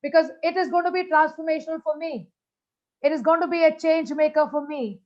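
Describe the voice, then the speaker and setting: A high-voiced woman speaker from India delivers a lively keynote, chatty and direct with her listeners. The sound comes through a slightly dull video-call line. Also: brisk. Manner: energetic, chatty, addresses audience directly. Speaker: motivational speaker.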